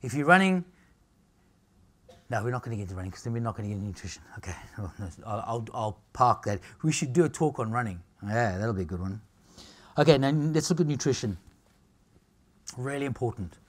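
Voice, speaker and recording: Speaking briskly at medium pitch but leaving long pauses, a middle-aged man lectures a live crowd on nutrition. His style is jokey and cheeky, full of lively storytelling.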